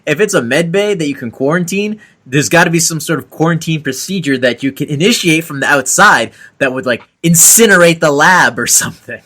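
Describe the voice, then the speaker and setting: A man with a fairly high, animated voice co-hosts a casual podcast chat. He keeps cutting in with skeptical, pointed questions about what he hears. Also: fairly quick, few pauses. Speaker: podcast co-host.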